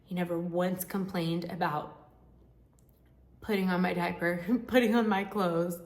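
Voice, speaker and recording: A woman's voice: fairly low pitch, fairly even intonation, unhurried, darkish tone, reverberant. A young woman vlogger telling her own story to camera in a frank, emotional, chatty way with many asides. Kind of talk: candid personal storytelling to camera.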